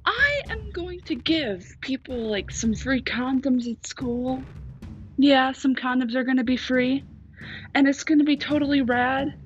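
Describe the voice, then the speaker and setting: A woman's voice: high-pitched, expressive, measured pace, dull audio, a little hiss or hum. A woman voicing a smug, mocking God who gleefully hands out punishments, swearing as he goes.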